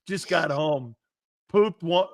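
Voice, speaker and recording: A man hosting a sports talk show, brash and profane, arguing loudly with his co-host. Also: fairly high pitch, no room sound.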